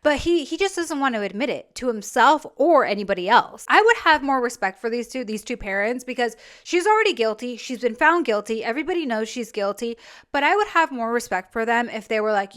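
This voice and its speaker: A woman's voice: on the high side, animated, brisk, fairly bright tone. A young adult woman giving casual reaction commentary, blunt, profane and incredulous. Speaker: true crime commentator.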